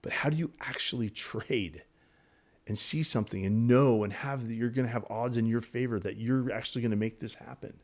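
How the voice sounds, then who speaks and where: A man teaching day trading over his charts in a casual, excitable way, repeating himself and talking straight to viewers. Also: mid-range voice, a little fast. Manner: excitable, repetitive, talks to viewers directly. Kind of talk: casual screen-share trading lesson.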